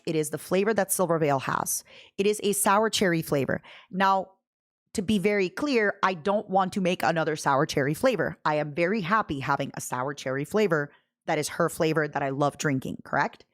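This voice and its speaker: A woman's voice: on the low side, fairly quick. Bubbly young woman streamer chatting. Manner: bubbly, talks to chat, jumps from topic to topic. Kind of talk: casual livestream chat.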